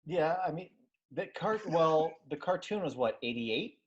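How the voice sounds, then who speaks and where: A man's voice: a little high, animated, unhurried, highs cut off. A man co-hosting a casual movie podcast, ranting with lots of swearing and frequent laughter. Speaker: podcast co-host.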